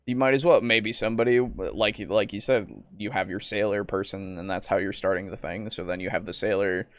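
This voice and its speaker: A podcast co-host talks casually about tabletop games in a lowish, fairly even voice, moving briskly. He rambles with plenty of fillers, swears and laughs a lot, and the sound is clean studio quality with no echo.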